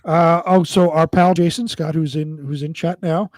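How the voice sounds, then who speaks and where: A man's voice: a little high, fairly even intonation, moderate pace, darkish tone, dry recording. A man co-hosting a casual live-stream chat show, talking hesitantly with many fillers while reading out lists. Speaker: co-host.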